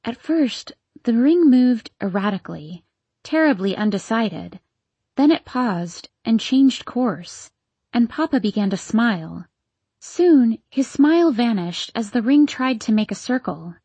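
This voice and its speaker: Expressive woman narrating a story. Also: fairly high pitch, measured pace, breathy edge, no echo. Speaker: audiobook narrator. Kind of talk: scripted first-person story narration.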